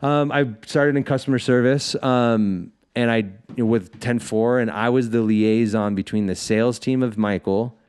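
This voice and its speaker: A man's voice: mid-range voice, steady tone, measured pace, hardly any pauses, darkish tone, clear, resonant tone. A man guesting on a podcast, telling loose, profane stories in casual chat with lots of "like" fillers. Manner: loose storytelling, swears freely; frequent "like" fillers.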